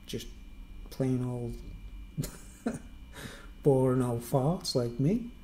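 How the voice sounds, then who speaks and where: A middle-aged live streamer from Merseyside, England, with a softened local accent, delivers a casual monologue to his stream, rambling loosely and poking fun at himself between plenty of fillers. His warm, dark-toned voice sits at an ordinary pitch and comes across animated yet extremely slow. The rough recording carries slight background noise.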